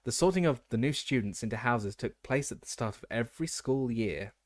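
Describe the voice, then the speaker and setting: Male audiobook narrator, mid pitch, stumbles and restarts, dry close sound. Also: expressive, brisk, no room sound. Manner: stumbling, frequent restarts of words. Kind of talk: audiobook reading.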